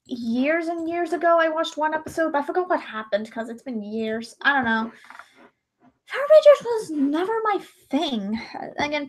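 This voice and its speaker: A young woman chatting casually on her livestream, rambling and often breaking off to restart her sentences. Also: high-pitched. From Ireland.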